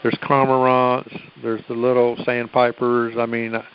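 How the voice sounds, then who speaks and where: A man from Virginia with a Southern twang, telling halting stories as a caller on a group call. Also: mid-range voice, completely flat delivery, clear, resonant tone, lo-fi sound. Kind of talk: casual group call chat.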